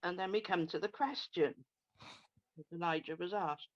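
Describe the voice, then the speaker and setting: A speaker explaining a Bible passage in a measured, expository way with light touches of humor. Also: medium pitch, dry recording, muffled recording. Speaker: Bible study co-presenter. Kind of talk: conversational Bible study discussion.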